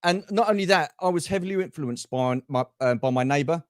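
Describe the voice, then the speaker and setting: A man's voice: on the high side, brisk, dry recording, clean studio sound. A middle-aged man co-hosting a livestream, chatting casually about football and greeting viewers by name. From England. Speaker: livestream co-host.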